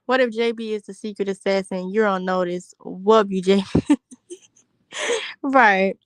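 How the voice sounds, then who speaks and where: A woman's voice: mid-range voice, measured pace, clean tone, no room sound. A young woman hosting a casual livestream, reading viewer comments aloud in a brash, profane, joking way. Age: young adult. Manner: brash, profane, laughing, talks straight to chat. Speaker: livestream host.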